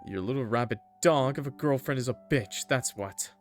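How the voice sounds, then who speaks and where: A man voicing a bitter, quick-tempered teenage boy in a story game, speaking in a sneering, resentful way. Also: mid-range voice, soft background music, lightly acted.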